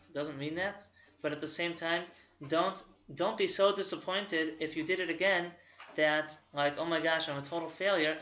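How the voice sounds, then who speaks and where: A man's voice: fairly high pitch, pushed and bright, slight background noise. A man who works as a therapist gives an informal recovery lecture from slides, stopping after nearly every point to ask "okay?" and drawing on personal examples. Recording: roomy, dull lo-fi audio.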